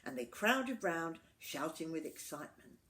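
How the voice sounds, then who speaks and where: Expressive older woman reading a storybook. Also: deep voice, moderate pace. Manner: expressive, with asides to the listener.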